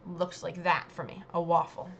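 A young woman with a slightly low voice talks casually to camera, reading questions and thinking aloud. Her chat rambles and circles back to answers. A faint hum of background noise sits under the recording. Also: monotone, normal speed, dull audio. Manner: chatty, thinking aloud, reads questions then muses. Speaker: vlogger. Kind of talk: casual quiz commentary.

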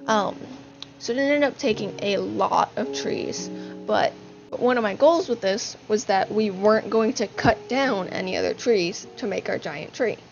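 A woman's voice: medium pitch, unhurried, creaky. A woman narrating her gaming session in a chatty, upbeat way, with fillers and a slightly breathless voice. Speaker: gaming channel host. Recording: dull lo-fi sound with music behind. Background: music.

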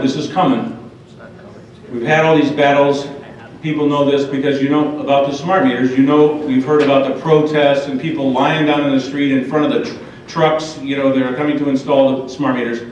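A man's voice: medium pitch, flat delivery, moderate pace, a little mellow. A man giving an impassioned public talk at a forum, speaking emphatically and addressing the audience directly. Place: large echoey hall. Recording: dull, echoey, far-off hall recording.

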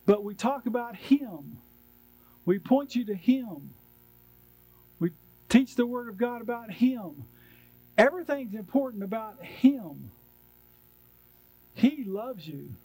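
A man with a high-pitched voice preaches to his church congregation. He presses each point with emphatic, repeated refrains, rising and falling as he builds. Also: expressive, slow, pauses often, darkish tone, rough recording. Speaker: pastor. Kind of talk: sermon.

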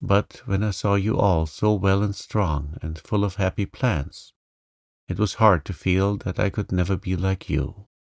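A man voicing a gentle young woman facing illness, speaking softly, slowly and with resignation. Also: sits low, vocal fry, dry recording, studio quality. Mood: resigned.

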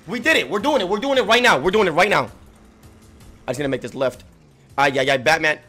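A young man streaming a game, talking frantically and swearing, swinging from low muttering to yelling, and getting out of breath. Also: animated, fast talker, soft background music. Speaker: gaming streamer. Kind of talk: frantic live gameplay commentary.

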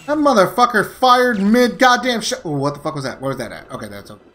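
A man's voice: sits high, sing-song, quick pace, fairly bright tone. A young man commentating on a video game, swearing a lot and hamming up a mock mobster persona. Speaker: gaming streamer. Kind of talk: casual gameplay commentary.

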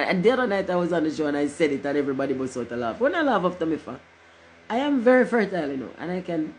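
A woman's voice: sits low, a little mellow, a little hiss or hum, low-quality recording. A middle-aged woman, chatting casually on a livestream in a rambling, joking way and cursing freely. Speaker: livestream host.

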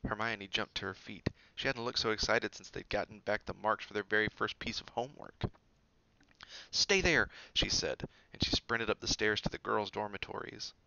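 Gravelly, bright-toned male storybook reader. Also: lowish voice, flat delivery, a little fast, hardly any pauses, no room sound, highs cut off. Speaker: audiobook reader. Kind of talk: storybook narration.

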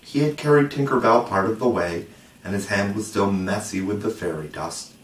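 A man narrating a storybook in a measured, expressive way. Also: lowish voice, slight background noise. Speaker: audiobook reader. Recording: roomy, distant mic.

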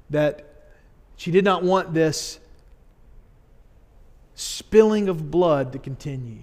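A male pastor preaching a sermon earnestly, with quick asides where he acts out everyday moments. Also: on the high side, darkish tone. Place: church sanctuary. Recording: long hall reverb.

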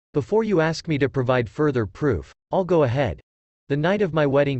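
A man's voice: medium pitch, a little mellow, no echo, close to an everyday voice. A man voicing a cheeky, kind spirit of a father who explains things at length.

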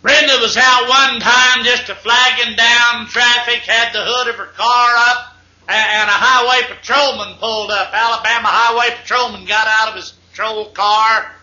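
A man tells jokes in a folksy, drawling way. His voice is very high and sharply bright. The sound is dull and hissy, taken from an old 8-track tape with a roomy echo. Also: fairly even intonation, normal speed. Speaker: comedian. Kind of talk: stand-up joke telling.

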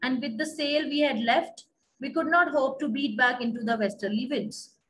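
A woman's voice: high voice, normal speed, a bit bright, a little hiss or hum, poor audio. A woman teacher with an Indian English accent, reading a story aloud to a class and then retelling each part in plain words. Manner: reads passages aloud, then retells them in simple words.

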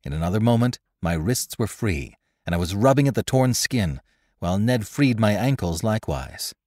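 A man narrating a classic adventure story in a scripted, expressive reading. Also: lowish voice, moderate pace, no room sound, clean studio sound. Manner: expressive, lively reading with character voices. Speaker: narrator and host.

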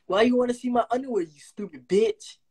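A man's voice: extremely high pitch, a little fast, darkish tone, slightly rough. A young man hosting a casual phone livestream, bragging and trading insults with a caller in a brash, taunting way. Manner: brash, trash-talking, repetitive taunts. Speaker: livestream host.

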